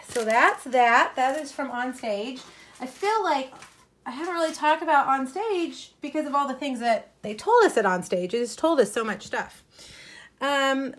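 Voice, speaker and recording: A middle-aged woman with a slightly higher voice talks her viewers through a live show-and-tell. She is chatty and enthusiastic, full of ums and little asides, relaxed and unscripted. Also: slight background noise. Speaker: craft demonstrator hosting a live stream.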